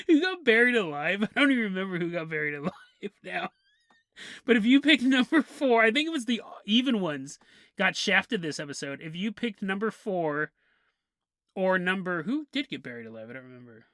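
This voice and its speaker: A man's voice: high-pitched, big pitch swings, moderate pace, long pauses, a bit bright, no room sound, studio quality. A man hosting a podcast, telling a comedic story and laughing through his lines. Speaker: podcast host.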